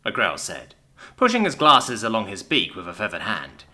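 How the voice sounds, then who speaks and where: Male narrator, bright and crisp, very lively pitch, expressive storytelling. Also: normal speed. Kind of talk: scripted narration.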